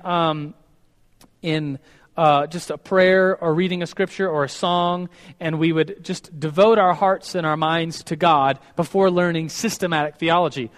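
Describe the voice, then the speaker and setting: A man's voice: fairly high pitch, in a large hall. Earnest man telling a devotional story. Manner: earnest, storytelling, many restarts.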